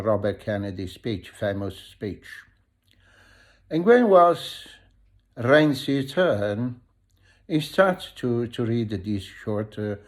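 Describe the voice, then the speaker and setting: A man with an Italian accent hosting a video, telling stories in a casual monologue and often pausing to search for words. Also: fairly low pitch. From Italy. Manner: hesitant, searches for words with many ums and restarts. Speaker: video host.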